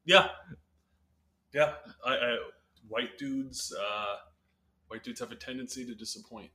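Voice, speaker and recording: Articulate man with a bright voice. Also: mid-range voice, slight background noise. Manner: reflective, articulate, quick to laugh. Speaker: podcast co-host. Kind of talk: casual podcast chat.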